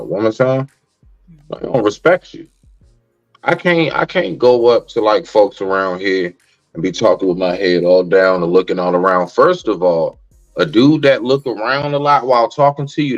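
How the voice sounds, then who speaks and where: A man's voice: low voice, lo-fi sound. A man chatting on a podcast, incredulous and questioning, explaining his point step by step. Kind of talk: casual podcast chat.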